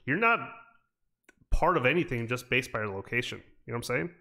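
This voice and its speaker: A man's voice: medium pitch, expressive, quick pace, gravelly, pushed and bright. A man from Chicago streaming a football video game, joking and trash-talking with chat. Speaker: gaming streamer. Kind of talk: casual live-stream commentary.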